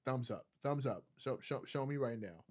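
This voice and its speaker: A man's voice: mid-range voice, lively intonation, normal speed, darkish tone. A man hosting a casual livestream, joking and talking straight to his chat viewers. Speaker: livestream host.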